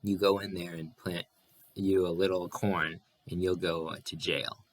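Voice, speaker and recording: Brief: a blunt, bitter, worn-out migrant man, read by a man, deep and drawling. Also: flat delivery, measured pace. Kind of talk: audiobook character reading.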